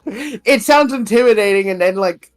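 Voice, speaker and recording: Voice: mid-range voice, moderate pace, faint music behind. A podcast co-host in a casual chat who talks loosely, swears freely and keeps laughing between words. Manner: giggly, loose and profane, laughs through sentences.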